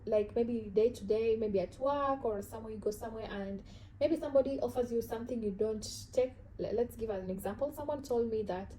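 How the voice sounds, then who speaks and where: A vlogger with an African accent talks straight to her viewers in a relaxed chat to camera about self-growth, earnest and thinking aloud, often restarting and repeating words. Her voice is a little high, mellow, and soft. The audio is poor, with a faint hum in the background.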